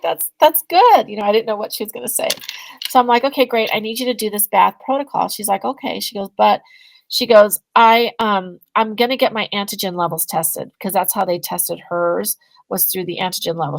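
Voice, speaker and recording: Woman telling a story on a podcast, animated, plays both sides of the convo, dry close sound. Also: mid-range voice, a little fast, vocal fry, no echo, poor audio. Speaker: guest, energy healing business owner. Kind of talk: casual storytelling in a podcast interview.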